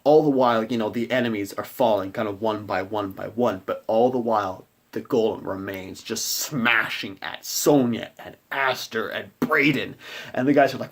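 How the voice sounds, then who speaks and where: A man's voice: lowish voice, normal speed. Chatty man recapping his game session. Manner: rambling and conversational, acting out players' reactions. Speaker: game master.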